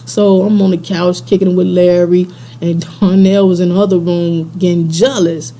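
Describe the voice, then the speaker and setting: A woman's voice: fairly low pitch, little pitch movement, moderate pace, warm tone, slight background noise. A woman casually telling a personal story in slangy, laid-back talk, chuckling now and then.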